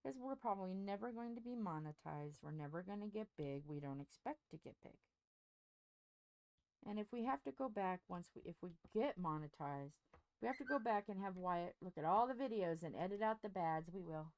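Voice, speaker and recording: A woman hosting a crafting channel in casual chat, frank and rambling, her strained, scratchy voice dipping up and down and turning squeaky. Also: animated, normal speed, a little mellow, no room sound. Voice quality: voice dips up and down in pitch, turns squeaky. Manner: frank, rambling, self-deprecating.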